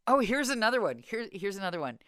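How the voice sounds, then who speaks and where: A woman's voice: medium pitch, big pitch swings, fast, a bit bright, no echo, clean studio sound. A woman hosting a podcast in casual chat, telling wry, self-deprecating dating stories. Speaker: podcast host.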